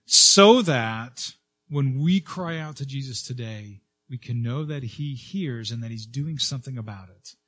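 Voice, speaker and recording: A man preaching a sermon as pastor, earnest, with frequent fillers and restarts, rising and slowing to stress key words. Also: mid-range voice, sharp tone, husky.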